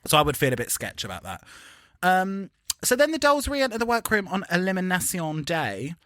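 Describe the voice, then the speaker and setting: A man, co-hosting a casual chat podcast, gossipy and camp with quick quips. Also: sits high, very animated, bright, forceful tone, dry recording, clean studio sound. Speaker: podcast co-host.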